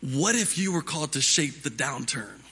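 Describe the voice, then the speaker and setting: Male preacher with a high, husky voice. Conversational sermon with rhetorical questions, long church reverb. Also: lively intonation, moderate pace, bright, forceful tone. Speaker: pastor. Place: church sanctuary.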